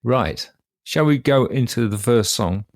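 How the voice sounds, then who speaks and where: A man's voice: mid-range voice, expressive, measured pace, dry recording. A man, co-hosting a podcast in casual chat with a dry, wry and precise manner. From Derby, England. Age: 50s. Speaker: podcast co-host.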